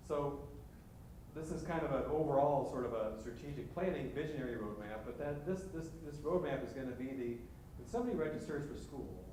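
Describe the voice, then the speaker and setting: Midwestern male pastor, halting and conversational, distant mic with faint rumble behind. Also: a little mellow. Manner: halting, many restarts and "right?" asides. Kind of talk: parish leadership talk. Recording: echoey hall from far off, faint rumble.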